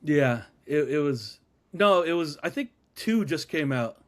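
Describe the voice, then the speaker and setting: A man in his forties from Texas, a podcast guest telling stories in an animated, laughing way. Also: fairly high pitch, measured pace. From Texas, United States. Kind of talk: casual storytelling chat.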